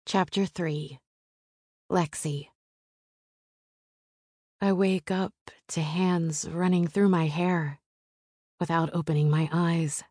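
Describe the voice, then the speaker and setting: Low, slow female audiobook narrator. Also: dark tone, husky, no echo, clean studio sound. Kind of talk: first-person audiobook narration.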